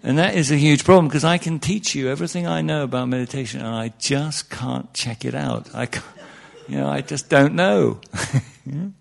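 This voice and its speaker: A man with a gravelly, middle-pitched voice gives an informal spiritual talk. He rambles through it with humor and many asides, and his voice leaps upward when he stresses a point. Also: moderate pace. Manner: chatty and humorous, many asides and "you know"s. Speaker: meditation teacher.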